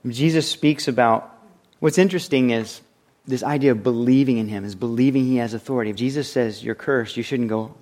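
A man's voice: brisk, a little mellow. Conversational man preaching a sermon. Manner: conversational, rhetorical questions, wide dramatic pitch swings. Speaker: pastor.

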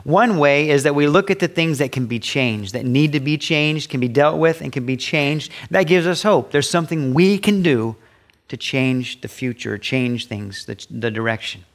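A middle-aged man preaching a sermon as pastor, emphatic, rising high when he acts out voices. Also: expressive, moderate pace. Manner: emphatic preaching, pitch rising sharply on quoted asides.

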